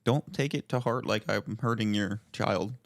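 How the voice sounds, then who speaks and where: A man's voice: fairly low pitch, moderate pace, vocal fry, dry recording. Teasing podcast co-host man. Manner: joking, teasing banter. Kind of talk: casual chat.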